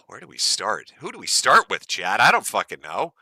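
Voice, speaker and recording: A man's voice: on the low side, wildly swooping pitch, moderate pace, bright, forceful tone, slightly rough, dry recording, studio quality. A man from the United States hosting a live stream, ranting in a profane, mocking and gleeful way. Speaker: stream host.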